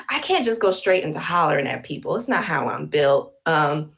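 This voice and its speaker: A woman's voice: low voice, sing-song, normal speed, creaky, a bit bright. A woman speaking as a podcast guest, passionate and emphatic, building her points with rhetorical questions. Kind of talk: conversational interview.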